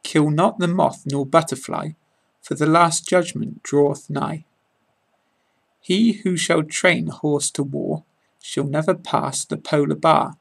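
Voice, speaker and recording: A man hosts a podcast for learners, giving a slow, deliberate reading of a poem. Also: on the high side, creaky, breathy edge. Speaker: English teacher and podcaster.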